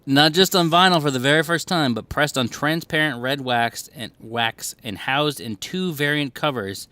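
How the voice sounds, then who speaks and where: A man's voice: a little high, normal speed, pushed and bright, smooth, dry recording. A young man co-hosting a casual podcast recorded in a record store, laid-back, swearing freely and often laughing. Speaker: podcast co-host. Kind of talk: casual chat.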